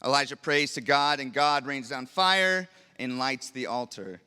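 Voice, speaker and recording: A man's voice: medium pitch, a little slow, pushed and bright, clean tone. A young adult man preaching a sermon in a church, in a casual, conversational storytelling way. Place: church sanctuary. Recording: long church reverb.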